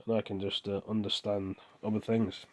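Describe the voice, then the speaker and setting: A man's voice: on the low side, little pitch movement, normal speed, a little mellow, a little hiss or hum. An English man rambling to camera on a phone, hopping from one topic to the next. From England. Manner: rambling, hops between topics. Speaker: vlogger. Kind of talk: casual monologue to camera.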